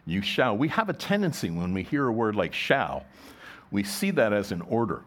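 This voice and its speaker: A man's voice: fairly low pitch, sing-song, moderate pace. A middle-aged man, a pastor, preaching a sermon in a conversational way, full of rhetorical questions and restarts.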